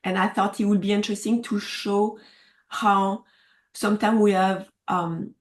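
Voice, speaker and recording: A woman from France talks in English with a clear French accent. She is a guest author in a casual interview chat, speaking earnestly and working her thoughts out as she goes. Her voice sits in a middle pitch. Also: little pitch movement, a little slow.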